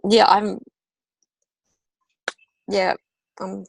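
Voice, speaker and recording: A woman student speaking from her car on a video call, sharing her experience in an emotional, halting way and swearing often. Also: medium pitch, level tone, gravelly, slight background noise. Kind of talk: casual sharing in class.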